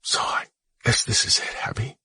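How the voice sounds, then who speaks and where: A man voicing a grieving young man who whispers a tearful farewell in a raspy, quavering voice. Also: moderate pace, bright, forceful tone, dry recording, natural voice.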